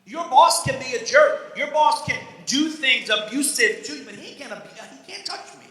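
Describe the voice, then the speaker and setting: A man preaching a sermon as pastor, animated, swinging from shouts to hushed asides. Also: very high-pitched, normal speed. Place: church sanctuary. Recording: echoey church hall.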